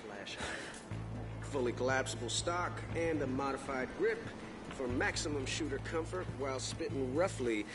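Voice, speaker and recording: An actor voicing a man in a video game who shows off an assault rifle with a smooth sales-pitch delivery. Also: moderate pace, natural voice. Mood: boastful. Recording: game audio with loud music. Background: clear game music.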